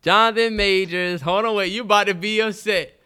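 A man's voice: high voice, fairly even intonation, a little fast, bright, forceful tone, clear, resonant tone. A man co-hosting a podcast in casual chat, easygoing and playing devil's advocate. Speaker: podcast co-host.

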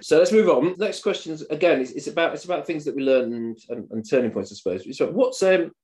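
A man's voice: fairly high pitch, animated, a little fast, darkish tone. A man in his forties hosting a podcast, talking in a rambling, hesitant way. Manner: hesitant, rambling, many restarts. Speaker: podcast host. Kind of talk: casual podcast chat.

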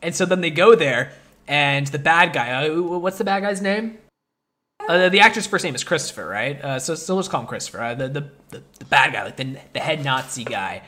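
A man chatting about films on a casual podcast, his voice sitting a bit high. He rambles, stacks up fillers and grows animated as he goes. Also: a little fast. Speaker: podcast host. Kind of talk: casual movie podcast chat.

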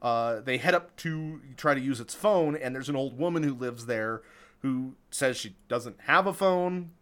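A man's voice: mid-range voice, unhurried, fairly bright tone. A man casually recapping a movie on a podcast, chatty and amused, laughing often. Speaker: podcast co-host recapping a film. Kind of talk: casual chat.

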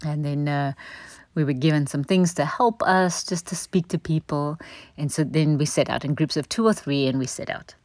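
A woman tells a candid personal story in a low voice. She often checks in with a quick "right?". The sound is dry and close, with no room. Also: darkish tone, no echo. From South Africa. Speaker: church member sharing a testimony. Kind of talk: personal testimony talk.

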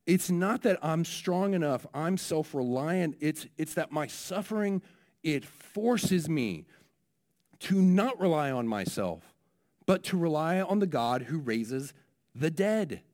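A male pastor preaching a sermon in a relaxed, conversational way, often restarting his phrases. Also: fairly high pitch, slow pace.

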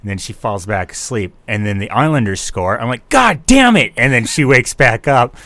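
A man's voice: fairly low pitch, moderate pace, pushed and bright, no echo. A man casually telling a rambling story on a talk show, full of fillers and restarts.

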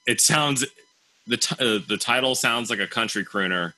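A man's voice: mid-range voice, moderate pace, bright, forceful tone. A man co-hosting a casual podcast chat, blunt, opinionated and jokey. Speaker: podcast co-host.

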